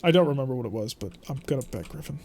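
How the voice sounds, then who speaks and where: A man's voice: medium pitch, lively intonation, rapid-fire, gravelly, darkish tone. A young adult man streaming a mech strategy game, giving chatty, wry, mock-exasperated play-by-play commentary. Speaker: gaming streamer. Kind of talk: let's play gameplay commentary.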